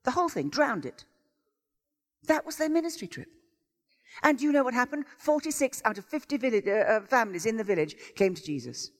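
Animated woman preaching in a reverberant church. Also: a little high, a little fast. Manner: animated, enthusiastic, exclamatory. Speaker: visiting preacher. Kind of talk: sermon with storytelling. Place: church sanctuary. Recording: long church-hall reverb.

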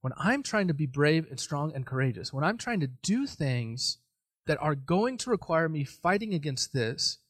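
A man preaching a sermon, telling a personal story in an animated, self-deprecating way. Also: fairly high pitch, moderate pace, slightly rough, dry recording. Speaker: pastor.

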